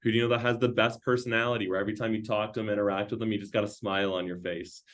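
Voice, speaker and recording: A man's voice: lowish voice, level tone, a bit bright. A man giving a training talk to a sales team, firing off questions in a loose, conversational way. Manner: rapid-fire string of questions, loose and conversational.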